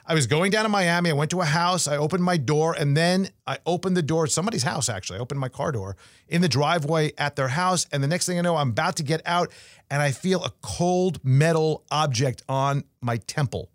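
A man's voice: on the high side, fairly quick, no room sound, studio quality. A man giving casual market commentary, conversational and chatty, with fillers, restarts and storytelling asides.

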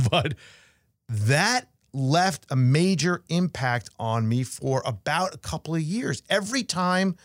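A man's voice: on the high side, dry recording, studio quality. A man giving casual market commentary, conversational and chatty, with fillers, restarts and storytelling asides.

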